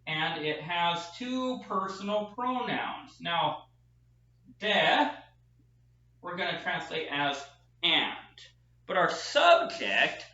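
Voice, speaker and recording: A man's voice: sits high, sharp tone. A man, a professor, giving a chatty classroom lecture at a whiteboard, with a self-deprecating teaching manner. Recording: echoey, distant, dull room sound.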